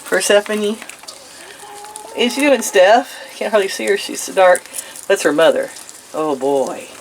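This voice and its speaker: A woman's voice: medium pitch, lively intonation, measured pace, a little hiss or hum, rough recording. An older woman chatting outdoors to her chickens and rabbits, cooing in sing-song baby talk and laughing often. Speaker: vlogger. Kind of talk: casual chat to pets.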